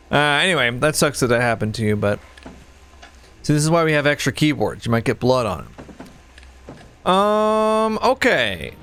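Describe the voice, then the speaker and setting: A man in his forties commentating a horror game, joking and reading its text aloud, with sudden high-pitched outbursts. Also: gravelly, fairly bright tone. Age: 40s. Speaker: gaming video host. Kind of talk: casual let's play commentary.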